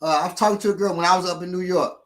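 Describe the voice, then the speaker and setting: Guy with a kinda high voice, telling stories all slangy and cussing, laid-back chat. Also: very fast. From Chicago. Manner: animated, profane, slangy storytelling. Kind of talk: casual storytelling chat.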